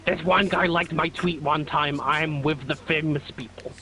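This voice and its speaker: Guy w a kinda high voice just joking around with friends on a stream, swears some. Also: steady tone, moderate pace, pushed and bright. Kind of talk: casual joking chat.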